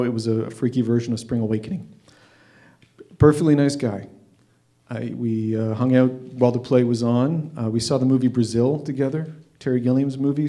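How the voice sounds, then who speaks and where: A man in his fifties telling a story at an open mic, wry and deadpan, often restarting his sentences. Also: medium pitch. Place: stage at an open mic night.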